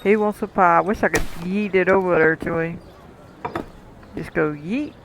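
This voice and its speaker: At a moderate pace and with a high voice, a man casually comments on a cooking game he's playing, talking to its customers and often chuckling. There's noise in the background.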